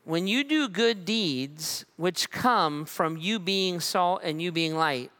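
Man, pastor in church, fairly high and bright voice, relaxed sermon, repeated phrases. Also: smooth. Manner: conversational and relaxed, with repeated phrases and slow emphatic pauses.

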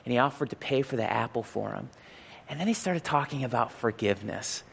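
A male pastor tells a story during a sermon, with a gravelly edge running through his voice. He acts out the quoted lines with animation, and his words ring out with a long reverb from a large hall. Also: mid-range voice, animated, brisk.

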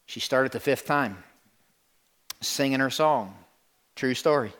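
A man delivers a sermon at an ordinary middle pitch. He speaks as a pastor to his congregation, animated and direct. He repeats words for emphasis and acts out the stories he tells. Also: takes it slowly. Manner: animated storytelling, acts out voices in quotes.

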